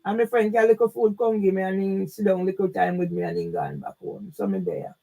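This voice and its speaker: A woman with a Jamaican accent ranting on a live stream, emphatic, often shouting and swearing, with frequent questioning tags. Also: mid-range voice, lively intonation, brisk. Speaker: YouTube livestreamer.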